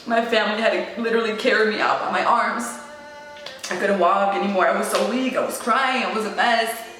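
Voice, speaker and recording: A woman's voice: medium pitch, steady tone, fairly quick. A young woman sharing a painful personal story in casual, slangy talk full of "like" and "yo". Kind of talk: emotional personal testimony. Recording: very echoey room with faint music.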